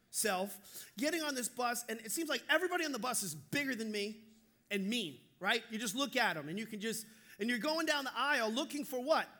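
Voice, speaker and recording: A male pastor preaching a sermon, telling stories in an animated, joking way. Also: extremely high pitch.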